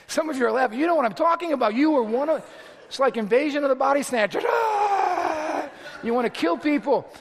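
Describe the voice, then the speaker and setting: Middle-aged male pastor, high tenor, animated sermon storyteller, reverberant hall sound. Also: quick pace, creaky. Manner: animated storytelling with shouted asides. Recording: echoey hall recording.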